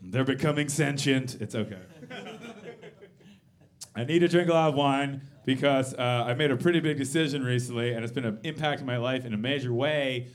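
A man in his thirties doing a live stand-up set in a basement venue, swearing freely, mocking himself and tossing quick asides to the crowd. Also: medium pitch. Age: 30s. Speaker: stand-up comedian.

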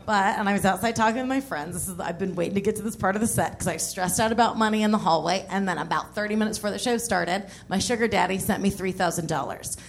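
A woman's voice: medium pitch, quick pace, hardly any pauses, a little hiss or hum. A woman in her thirties doing a stand-up set on a comedy club stage, candid and self-mocking, with laughing asides. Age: 30s. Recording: live band music behind.

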